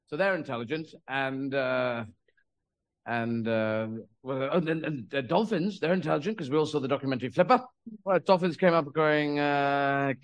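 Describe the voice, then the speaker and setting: High-voiced rambling stand-up comedian. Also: male voice, lively intonation, moderate pace. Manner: rambling, playful, stumbling repetitions. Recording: live album recording.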